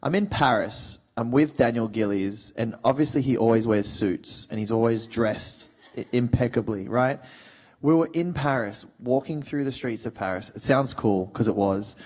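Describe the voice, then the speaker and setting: Australian actor, 30s, chatty panel storyteller, mid-pitched, loose and full of fillers. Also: male voice. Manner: animated storyteller, many fillers. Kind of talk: anecdotal panel talk.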